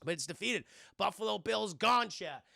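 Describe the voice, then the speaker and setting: Gravelly high-voiced man rambling to chat. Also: lively intonation, moderate pace, sharp tone, dry recording, clean studio sound. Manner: rambling, profane, addresses chat constantly. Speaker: streamer. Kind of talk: casual film recap to a live chat.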